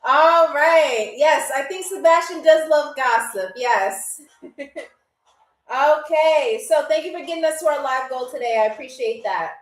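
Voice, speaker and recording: A high-voiced woman hosts a live-stream game show in an unhurried, drawn-out way. She teases her viewers playfully and repeats words slowly and carefully. Her voice rings in an echoey room. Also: distant mic, soft background music. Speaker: game show host on a livestream.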